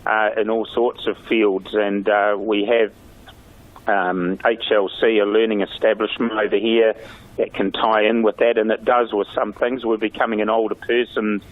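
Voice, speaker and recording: A middle-aged New man speaks as a mayor on a radio show, his low voice coming through a tinny phone line. He talks in a flat tone, stopping and restarting often with plenty of fillers. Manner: halting, many fillers and restarts. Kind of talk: radio interview over the phone.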